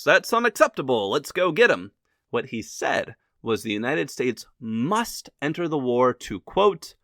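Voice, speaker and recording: Lively male history narrator. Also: mid-range voice, no echo, studio quality. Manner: lively and wisecracking.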